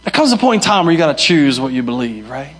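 A man's voice: a little high, sing-song, quick pace, breathy edge. A young male pastor preaching a sermon, emphatic and repeating his key phrases. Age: young adult. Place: church hall.

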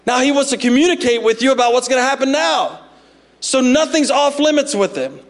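A man preaching a sermon as pastor, animated and jokey, acting out little scenes in voices. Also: very high-pitched, brisk. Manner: animated, jokey, acts out parents and God in voices.

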